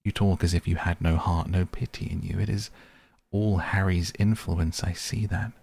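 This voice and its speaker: A man reads a deep, gravelly-voiced painter, earnest and grieving. He pleads and reproaches in a husky low tone, read in his own voice as part of a bedtime storybook. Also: fairly even intonation, normal speed, a little mellow, dry recording, exaggerated voice. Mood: pained, reproachful. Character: grieving earnest male painter, middle-aged.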